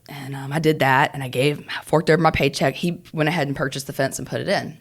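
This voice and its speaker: A woman co-hosting a podcast, a lawyer telling a story from her family life. Her voice sits low with a gravelly fry running through it. She talks in an animated way, full of restarts and laughs. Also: fast talker, few pauses. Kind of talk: casual storytelling chat.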